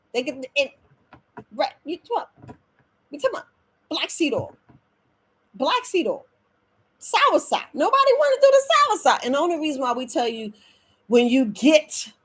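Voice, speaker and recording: A middle-aged woman herbalist talking casually to viewers on a live stream from home, animated and preachy, calling them family. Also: fairly high pitch, breathy edge.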